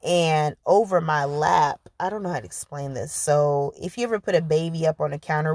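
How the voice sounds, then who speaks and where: A woman with a low voice tells a painful personal story in an earnest, conversational manner. She leans on filler words as she works through the memory. The recording is dry and close, with no room sound. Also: a little mellow, no room sound. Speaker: podcast host.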